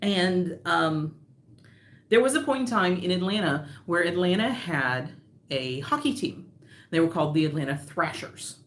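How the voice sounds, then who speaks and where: A woman's voice: fairly low pitch, expressive, measured pace, roomy sound. A woman who designs knitting patterns, hosting a live stream in casual chat that wanders off on tangents, laughing often.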